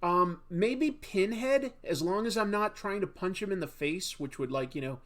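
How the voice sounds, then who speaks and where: A man's voice: high voice, animated, normal speed. A man hosting a casual live stream, chatting with viewers and laughing at himself a lot. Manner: chatty, self-deprecating, laughs often.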